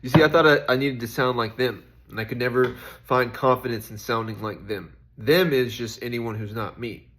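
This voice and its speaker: A man's voice: mid-range voice, moderate pace, hardly any pauses, fairly bright tone. A young man in a casual, reflective faith vlog, rambling and questioning himself with lots of fillers. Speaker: faith vlogger.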